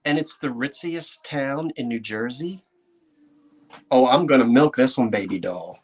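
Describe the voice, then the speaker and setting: A man who deals in antiques, chatting casually and excitedly to his viewers, laughing often as he goes. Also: mid-range voice, unhurried. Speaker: antiques dealer. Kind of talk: casual vlog talk to viewers.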